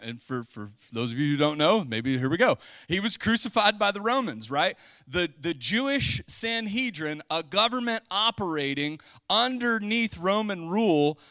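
A man's voice: high voice, pushed and bright, clean tone, no echo. A middle-aged man preaching a casual, joking sermon in a church, talking conversationally and rising into bursts of emphasis. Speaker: pastor. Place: church sanctuary.

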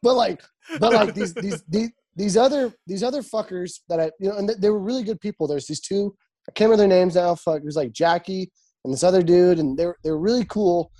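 A man in casual chat, telling animated stories with lots of swearing and acted-out quotes. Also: sits high, fast. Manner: animated storytelling, swears a lot, acts out quotes.

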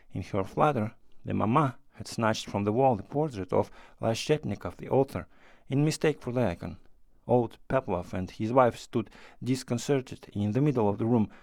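A man narrating an audiobook in a measured storytelling voice. His tone is gravelly with some fry. The read is dry and close to the mic. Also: medium pitch, a little mellow, no room sound.

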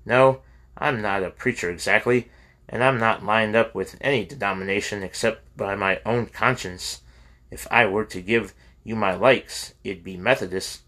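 Modest itinerant preacher, earnest with a light jest, read by a man; lowish, bright. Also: normal speed. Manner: earnest, gently joking.

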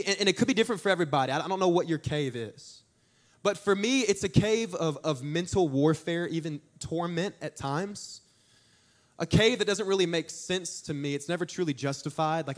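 A young man preaching a sermon, telling stories in an animated, joking way with asides to the congregation. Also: fairly high pitch. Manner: animated, jokey storytelling with audience asides. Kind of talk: storytelling sermon.

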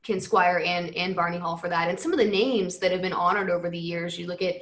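Woman interviewer, lower voice, short attentive replies, recorded in an echoey room. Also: fairly even intonation, brisk, fairly bright tone. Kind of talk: casual interview chat.

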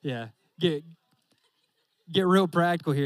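A young man gives a casual, joking sermon in a high, light voice. He keeps turning to his listeners and talking straight at them. The sound is close and dry, with no room echo. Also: lively intonation, slow, long pauses. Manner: joking, talks straight to the audience with "y'all".

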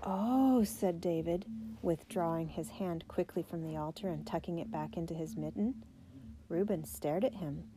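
A woman narrating a children's biography storybook, reading the characters' lines with raised pitch and emphasis. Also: steady tone, moderate pace. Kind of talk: storybook read-aloud.

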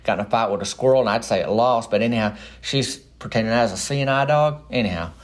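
A man telling a rambling, deadpan comic monologue about his small town, in folksy, slangy speech. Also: medium pitch, fast talker.

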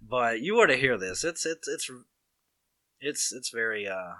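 A man's voice: medium pitch, a little slow. A young man with an Alabama Southern accent, chatting casually and rambling with lots of restarts and fillers. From Walker County area, Alabama. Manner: rambling, many restarts and fillers, animated storytelling. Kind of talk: casual chat.

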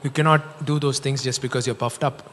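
A man preaching a sermon, telling stories in an animated, joking way. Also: mid-range voice, a little fast, a little hiss or hum. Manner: animated storytelling, jokes and laughs. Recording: long hall reverb.

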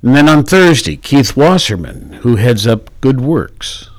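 Speaking at a measured pace with a medium-pitched, very animated voice, this man chats casually as a morning radio host, full of fillers and self-corrections. The sound is echo-free, captured on a studio mic in a radio studio.

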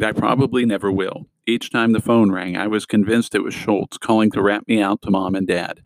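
Low-voiced man reading a novel aloud. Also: no echo, low-quality recording. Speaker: audiobook reader. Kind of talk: scripted narration of a novel.

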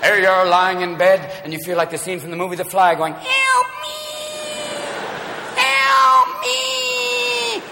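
A man doing a stand-up comedy routine, manic and loud, jumping between shouted voices. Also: sits high, flat delivery. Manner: manic, shouting, quick voice switches. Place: comedy stage before a live audience. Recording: live hall recording with crowd noise.

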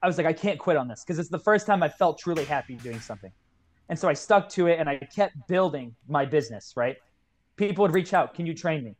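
A young man in his twenties talks quickly and earnestly as a podcast guest. His voice sits a bit high, and he keeps a heartfelt, open tone, with plenty of "like" fillers. He speaks as a kettlebell coach in a casual conversation. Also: expressive. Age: 20s.

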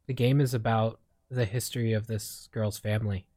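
A young Filipino man, a streamer and podcast co-host, chats casually in a lowish, mellow voice with fairly even intonation at a normal speed. He rambles, piling on fillers and restarting often. The recording is completely dry.

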